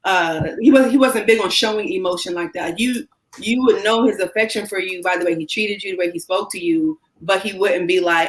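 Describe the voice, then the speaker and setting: A woman telling a personal story in an interview, frank and chatty. She slips into the voices of the people she quotes. Her pitch sits mid-range for a woman. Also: brisk, few pauses, rough recording. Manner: animated, acts out quoted voices; frank, chatty, self-deprecating. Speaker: interview guest. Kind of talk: casual storytelling.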